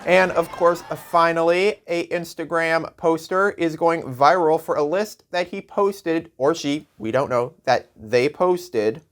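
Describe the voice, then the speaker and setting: A man's voice: on the high side, a little slow, few pauses. A man hosting a late-night comedy show, delivering a sarcastic news monologue and laughing at his own jokes.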